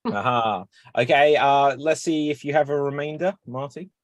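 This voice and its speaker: A man hosting an online improv comedy show, brisk and upbeat, calling on players over a video call. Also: mid-range voice, no echo. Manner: brisk, upbeat, auctioneer-like prompting. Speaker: improv host. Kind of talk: emceeing an online improv game.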